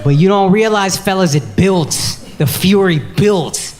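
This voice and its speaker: A man's voice: high-pitched, animated, measured pace, a little mellow. A man doing stand-up, brashly and profanely teasing people in the audience and riffing on his relationship. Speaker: stand-up comedian. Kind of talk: stand-up crowd work and bits. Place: comedy club with a laughing audience. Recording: live club recording with crowd laughter.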